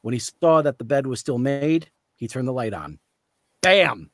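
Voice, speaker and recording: A man reading the narration of a novel aloud in a measured storytelling way. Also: medium pitch, expressive, darkish tone, no room sound. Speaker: author reading.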